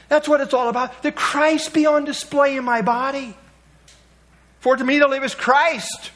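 This sermon comes from a pastor whose voice is very high and fairly bright, delivered at a measured pace. He tells stories conversationally with folksy asides, pressing emphatically upward on key points.

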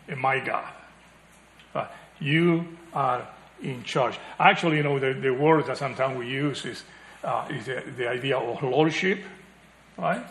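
Animated male preacher in an echoey room. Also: a little high. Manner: animated, acts out quoted voices, chuckles, drops to a hush. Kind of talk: sermon.

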